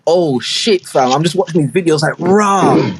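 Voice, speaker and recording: A man's voice: on the high side, fairly quick, noisy background. A young man, co-hosting a podcast and telling a rambling story full of slang and fillers in casual chat. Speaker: podcast co-host.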